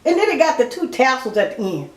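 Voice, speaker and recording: A woman's voice: sits high, big pitch swings, fast talker, roomy sound. A woman in her fifties chatting casually to her viewers, laughing often and calling them y'all. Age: 50s. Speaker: vlogger. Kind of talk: casual chat to camera.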